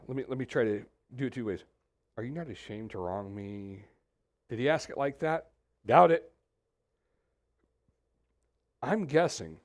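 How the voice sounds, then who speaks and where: A middle-aged man, preaching a sermon in a church in a lively, conversational way and talking straight to the congregation. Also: medium pitch. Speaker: pastor. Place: church sanctuary.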